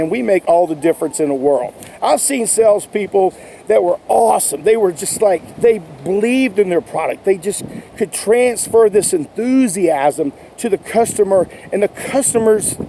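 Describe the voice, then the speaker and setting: A man's voice: high-pitched, creaky, warm tone, a little hiss or hum, low-quality recording. A man giving an enthusiastic, folksy sales pep talk as a sales coach, repeating his points. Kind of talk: motivational talk to camera.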